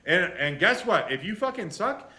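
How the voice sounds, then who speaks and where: A man's voice: high voice, sing-song, normal speed, bright, forceful tone. A man hosting a casual interview who swears heavily and talks in intense, emphatic rants. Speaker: podcast host. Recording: echoey room.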